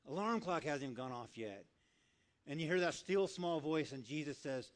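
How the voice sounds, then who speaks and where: A man preaching as a guest speaker, telling stories and acting out the voices of the people in them, dropping to a soft voice for quiet lines. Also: fairly high pitch, fast talker. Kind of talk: sermon storytelling.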